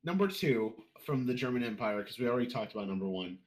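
A man's voice: medium pitch, animated, fast talker. A man hosting a podcast, reading out listener questions and teasing the guest. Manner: reads out questions, teasing jokes. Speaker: podcast host. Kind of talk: casual interview chat.

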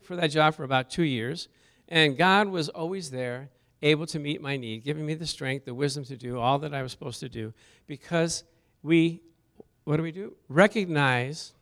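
A man's voice: a little high, a bit bright. A male pastor preaching a sermon, telling personal stories and asking the congregation questions, with rising emphasis on key words. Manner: storytelling, asks the congregation questions.

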